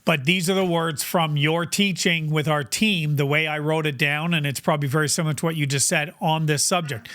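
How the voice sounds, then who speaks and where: Eager bright-voiced male co-host. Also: fairly high pitch, fairly even intonation, a little fast, hardly any pauses, no echo, studio quality. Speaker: podcast co-host. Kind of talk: casual podcast chat.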